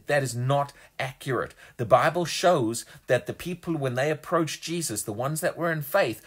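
A man preaching a sermon with emphasis, often repeating words as he builds a point. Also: medium pitch.

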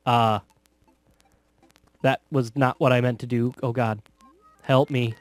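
A man casually commenting on a video game, joking sarcastically with bursts of loud laughter. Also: mid-range voice, steady tone, slow pace, long pauses, dry recording, faint music behind. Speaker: gameplay commentator. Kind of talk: casual let's play commentary.

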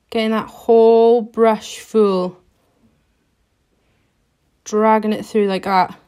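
A woman's voice: mid-range voice, a little mellow. A woman giving a chatty, step-by-step live nail art tutorial while she works.

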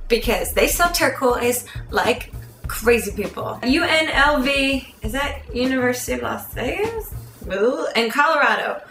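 Playful high-voiced woman vlogging. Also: pushed and bright, echoey room. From United States, near Philadelphia. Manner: playful, sarcastic asides. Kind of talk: casual jokey vlog.

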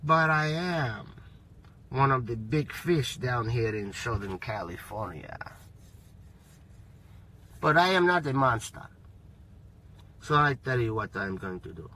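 A man voicing a calm, menacing gangster boss who talks slowly and quietly in a low voice. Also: slightly rough, heavily acted. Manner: slow, low, threatening delivery.

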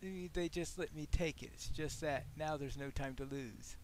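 A man's voice: a little high, moderate pace, a little hiss or hum. A man giving casual let's-play commentary, chatting and reacting aloud while he plays. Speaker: gameplay commentator.

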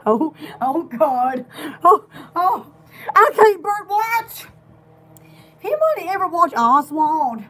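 A woman's voice: extremely high pitch, very animated, slow pace, a bit bright. A woman, hosting a rambling, casual live video from home. She giggles a lot and jumps from one goofy topic to the next. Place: home at night.

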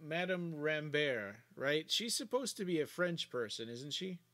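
An American podcast co-host with a neutral, news-like General American accent chats casually but hesitantly, restarting a lot and being easily amused. His voice is fairly high with big pitch swings, an unhurried pace, and a sharp tone.

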